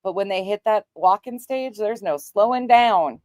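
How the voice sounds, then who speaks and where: A woman's voice: medium pitch, moderate pace, darkish tone, dry recording. A woman hosting a casual livestream, greeting viewers by name and chatting bluntly, swearing now and then. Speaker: livestream host.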